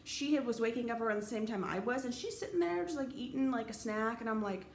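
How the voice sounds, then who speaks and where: A woman's voice: on the high side, fast talker, reverberant, slight background noise. A woman, a teacher, telling a personal story in a casual, rambling way, full of fillers and restarts.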